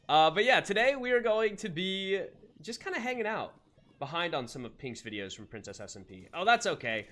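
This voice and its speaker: A man's voice: fairly high pitch, sing-song, normal speed, a bit bright. A man casually chatting on his live game stream, greeting viewers by name and reading chat aloud.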